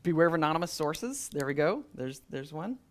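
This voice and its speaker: Man, church class moderator, pitched slightly high, loose and conversational, draws answers out of the room. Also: big pitch swings, fairly quick. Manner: conversational, many "um"s and restarts, quizzes the class. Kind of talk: adult Sunday school class teaching.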